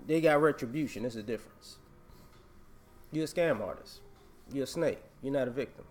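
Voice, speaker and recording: A man's voice: mid-range voice, moderate pace, pauses often. A man vlogging a casual opinion rant, emphatic and repetitive, scolding and laughing.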